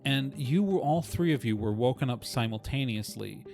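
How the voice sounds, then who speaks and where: A man's voice: mid-range voice, lively intonation, moderate pace, creaky, a little mellow, faint music behind. A man running a tabletop role-playing game as game master, explaining the scene and the rules while thinking aloud.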